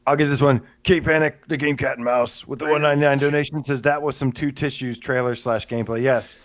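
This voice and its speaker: A man's voice: mid-range voice, steady tone, fast, no room sound. A man with a middling voice, recorded dry and close, co-hosting a livestream podcast. He rambles enthusiastically with plenty of fillers. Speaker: podcast co-host. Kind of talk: casual livestream chat.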